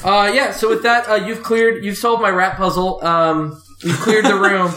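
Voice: mid-range voice, fairly even intonation, moderate pace, bright, forceful tone, reverberant. A game master narrating a tabletop game, rambling and hesitant, laughing often.

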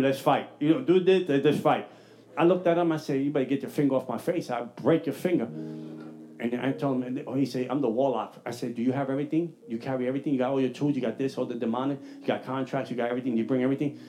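A man preaching a testimony sermon, telling his story in an animated way and acting out his own dialogue. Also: mid-range voice, quick pace. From New York.

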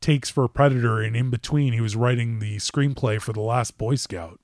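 A man's voice: medium pitch, normal speed, a little mellow, no echo, clean studio sound. A man co-hosting a casual chat, rambling along with fillers and self-corrections. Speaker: podcast co-host. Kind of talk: casual chat about movies.

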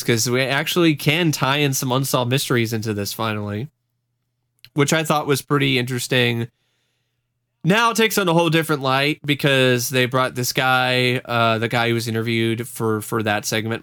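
A man's voice: mid-range voice, a bit bright, clear, resonant tone, no room sound, studio quality. A man hosting a casual podcast, telling a story in a wry, rambling way with frequent laughs. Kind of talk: casual chat.

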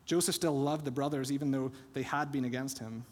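A man preaching a sermon as pastor, telling a Bible story with lively acted-out quotes. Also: medium pitch, brisk. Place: church sanctuary. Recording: long church hall reverb.

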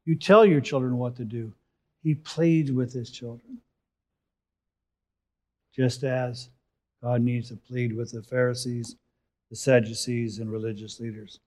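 A man preaching a sermon, reading scripture and explaining it, rising for emphasis and then dropping to a soft close. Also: medium pitch, steady tone, unhurried, long pauses.

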